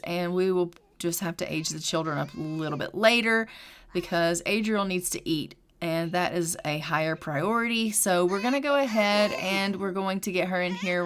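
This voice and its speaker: Young woman, chatty gameplay narrator, storytelling, casual, mid-pitched voice. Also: slight background noise. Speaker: gaming creator.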